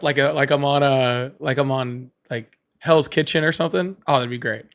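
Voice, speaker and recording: A man's voice: fairly high pitch, fairly even intonation, normal speed, gravelly, few pauses. A man hosting a casual livestream, rambling, repeating himself and laughing often. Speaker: livestream host.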